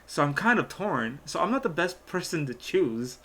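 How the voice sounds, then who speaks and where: A man's voice: fairly high pitch, sing-song, moderate pace, fairly bright tone. Rambling male stream host. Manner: rambling, trails off, lots of fillers. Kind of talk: casual live-stream chat.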